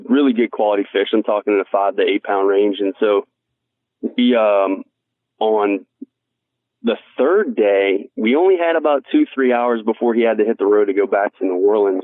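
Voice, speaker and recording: Over a dry, tinny, phone-like line with no room sound, a man interviewed as a guest angler shares stories. His fairly low voice carries an earnest, heartfelt tone, and he keeps saying "man."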